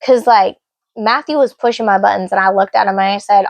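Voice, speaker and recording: A woman co-hosting an unscripted couple's podcast, telling stories in a lively, frank and self-reflective way. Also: mid-range voice, fairly quick, gravelly, no echo. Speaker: podcast co-host.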